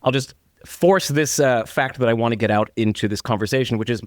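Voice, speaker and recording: Man from northern New Jersey, podcast host, mid-pitched dry voice, eager and stumbling. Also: fairly quick, no echo. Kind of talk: conversational interview.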